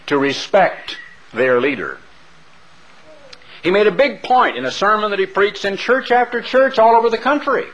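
A man's voice: fairly high pitch, fairly bright tone, breathy edge, dull audio. A man preaching a sermon who tells Bible stories dramatically and stresses his points hard. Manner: dramatic storytelling, emphatic.

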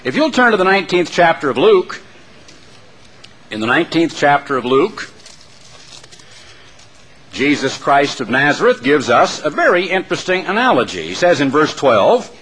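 A man preaching a sermon in an animated storytelling way. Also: on the high side, normal speed, pauses often, poor audio.

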